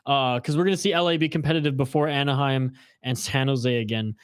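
A young man co-hosting a casual hockey chat, blunt and excitable, swearing now and then. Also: medium pitch, quick pace, clear, resonant tone, dry recording, studio quality. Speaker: hockey podcast co-host.

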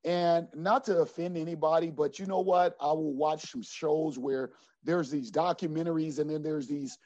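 A man's voice: moderate pace, dry recording. Earnest man coach telling his story. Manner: earnest and animated, often dropping to a low quiet voice. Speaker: basketball coach. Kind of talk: personal faith testimony in an interview. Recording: dry, slightly dull sound.

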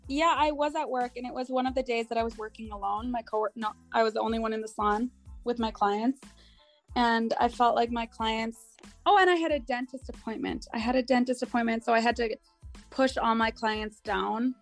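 Raspy-ish young woman, kinda high voice, bubbly chatty, gets sidetracked. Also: a little fast, faint music behind. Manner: animated, easily sidetracked, giggly storytelling. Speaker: podcast co-host, hairstylist. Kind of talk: casual chat.

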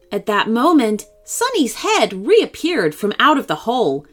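Slow, expressive woman storyteller for a children's read-aloud. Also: fairly high pitch, faint music behind.

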